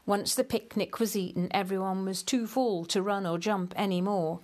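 A woman reading a children's storybook aloud in a gentle, measured and expressive way. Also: mid-range voice.

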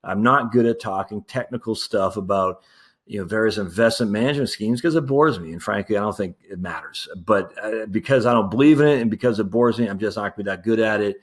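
A man with a fairly low voice hosts his own podcast in a loose, off-the-cuff way. He rambles candidly, stumbles over restarts and fillers, and slips in an easy chuckle as he speaks to his listeners as friends. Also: quick pace. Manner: laughs easily while talking. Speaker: podcast host. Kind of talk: casual solo commentary.

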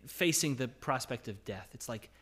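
A man delivers a sermon in an easy, conversational manner, his voice sitting at a middle pitch. He reads scripture aloud and turns to his listeners with frequent questions. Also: animated, moderate pace, a bit bright, husky. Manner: conversational preaching with restarts and tag questions; reads scripture aloud, rising to emphatic cries. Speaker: pastor.

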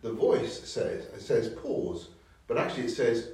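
A man's voice: medium pitch, wildly swooping pitch, unhurried, mellow. A man in a study group, sharing a thoughtful idea in a musing, conversational way. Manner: thoughtful, musing, interrupts politely. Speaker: group member. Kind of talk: casual chat. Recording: very echoey, distant from mic.

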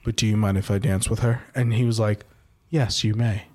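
A man co-hosting a podcast, telling a party story in casual chat, animated and profane, acting out the voices of the people in it. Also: lowish voice, a little fast. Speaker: podcast co-host.

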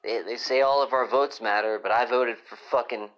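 A man's voice: medium pitch, fairly even intonation, a little fast. Profane moody man ranting. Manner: profane, moody, rambling rants. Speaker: podcast host. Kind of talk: crude rambling comedic monologue. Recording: dull lo-fi phone app recording.

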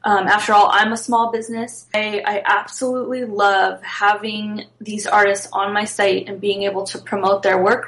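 A woman's voice: medium pitch, fairly bright tone, poor audio. A woman guest on a podcast, earnestly explaining her wedding blog business with small restarts. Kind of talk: casual interview answers.

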